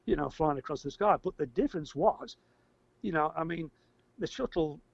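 An older man tells a story as an interview guest, rambling, repeating words and getting animated when he acts out shouting. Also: a little high, normal speed, gravelly. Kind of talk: casual storytelling. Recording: dry, slightly muffled audio.

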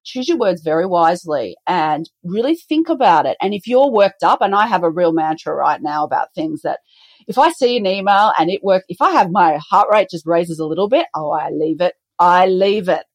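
Woman, middle-aged, animated storyteller, dry sound. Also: lowish voice, moderate pace, no echo. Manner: animated storyteller, acts out quoted dialogue. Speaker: business co-founder and guest. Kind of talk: conversational podcast interview.

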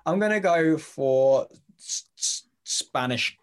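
A man's voice: fairly high pitch, animated, slow pace, clear, resonant tone. A young English man with a London or Leicester accent, talking as a podcast guest in a rambling, self-interrupting, jokey way. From England. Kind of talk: casual interview chat.

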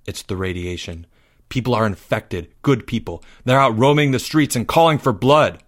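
A man voicing a panicked, breathless boy who stammers, whispers and rushes his words. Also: mid-range voice, close to an everyday voice. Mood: low, grim.

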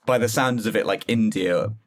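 A man's voice: on the low side, moderate pace. A man co-hosting a podcast, chatting casually with plenty of hesitant restarts. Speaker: podcast co-host. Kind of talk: casual chat.

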